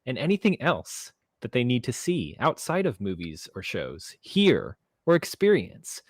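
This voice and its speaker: A man's voice: medium pitch, wildly swooping pitch, measured pace, no echo. A man hosting a casual podcast chat with a friend, talking in a chatty, playful way and correcting himself as he goes. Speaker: podcast host.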